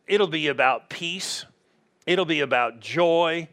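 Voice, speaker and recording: A middle-aged man preaching, his voice sitting a bit high for a man. He keeps it animated and talky and acts out quick voices to make his points. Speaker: pastor. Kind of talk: sermon.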